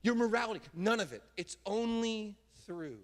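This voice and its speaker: A man pastor preaching a sermon from a church stage, casual and emphatic, with sudden loud bursts. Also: high-pitched, lively intonation, normal speed. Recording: long hall reverb in a church.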